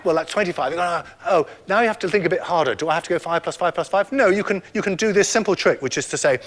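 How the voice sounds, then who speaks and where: Older man, public lecturer, playful, quizzes the audience, slightly high voice, very animated pitch. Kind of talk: public lecture explaining math.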